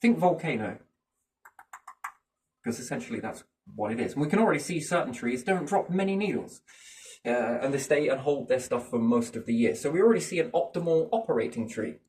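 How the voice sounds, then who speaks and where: Guy thinking out loud, rambly, keeps going "isn't it?", sounds a little far off the mic. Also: medium pitch, expressive, a little fast, slight background noise. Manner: rambling, musing, keeps asking rhetorical questions. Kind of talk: casual speculative chat.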